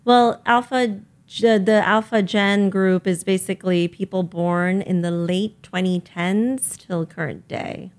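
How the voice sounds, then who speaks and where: A woman in her forties co-hosting a podcast, teasing her partner with quick jokes. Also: medium pitch, steady tone, a little mellow. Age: 40s. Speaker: podcast co-host. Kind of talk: casual chat.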